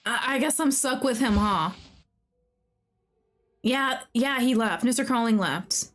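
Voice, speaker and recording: A young woman streaming a game, talking to the characters, excitable and often laughing or swearing. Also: on the high side, measured pace. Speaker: VTuber streamer. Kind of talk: casual gameplay commentary.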